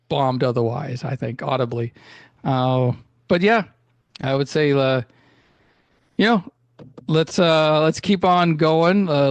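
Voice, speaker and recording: Casting: male podcast host, rambling and self-mocking, slightly high voice, dry close sound. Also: dry recording. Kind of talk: casual comedic chat.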